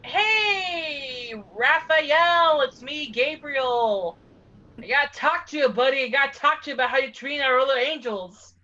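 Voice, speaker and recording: A woman's voice: sits high, a little slow, bright, forceful tone. A woman playing a plain-spoken, chummy archangel in an improv scene. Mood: earnest. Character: blunt archangel, casual and chummy. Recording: muffled video call audio.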